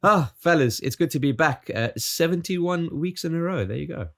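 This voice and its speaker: Podcast host, male, sore throat, animated delivery, stumbles and restarts. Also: on the high side, moderate pace. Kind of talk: casual podcast chat.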